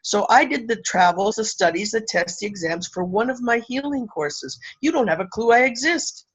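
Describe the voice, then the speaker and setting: A woman from Canada, a spiritual teacher and speaker, talking effusively and emotionally in an interview, laughing often and pausing for effect. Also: fairly high pitch, expressive, breathy edge, rough recording. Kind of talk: casual interview talk.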